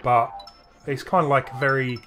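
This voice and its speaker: A man's voice: medium pitch, steady tone, moderate pace, pushed and bright. Guy rambling about old games on a stream, faint game music behind. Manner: rambling, with frequent restarts and laughs. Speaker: streamer co-host. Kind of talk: casual chat while playing games.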